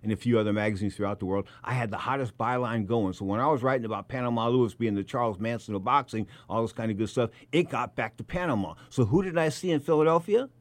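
A man's voice: medium pitch, quick pace, few pauses, no room sound. A male talk show host in full storytelling mode, repeating his points and building to angry peaks. His voice sits in a middle register. The sound is dry and close with no room around it. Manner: emphatic, repeats phrases, storytelling with bursts of anger. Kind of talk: animated radio talk show monologue.

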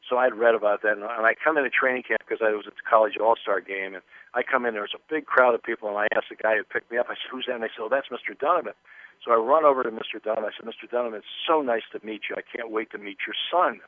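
Speaking very fast in a fairly low, fairly even voice, a former football player in his later years rambles through anecdotes with many restarts. He's a casual interview guest, heard over a tinny phone line with no room sound.

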